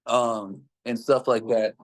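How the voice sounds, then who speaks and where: A man's voice: medium pitch, level tone, slow. A young man casually telling a personal story, rambling with frequent fillers and heavy swearing.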